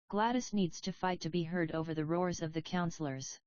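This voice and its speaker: Plain, even woman audiobook reader for stage directions; dry close sound, slightly dull. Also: lowish voice, fairly quick, hardly any pauses, clean tone, no room sound. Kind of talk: reading stage directions aloud.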